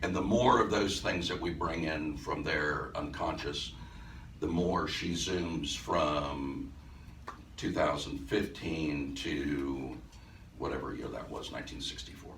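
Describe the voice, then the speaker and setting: A man's voice: extremely low pitch, slow, a bit bright. A man teaching hypnosis, telling a story from a class in a conversational way, with frequent restarts and acted-out dialogue. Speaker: hypnosis instructor. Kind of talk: storytelling lecture to a live audience. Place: event room with a live audience. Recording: echoey room, distant mic, faint noise.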